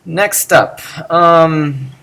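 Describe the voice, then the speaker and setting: Man, middle-aged, slow pace, unscripted lecture, many fillers and restarts. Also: a little high, vocal fry, bright, forceful tone. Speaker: lecturer on Greek pronunciation.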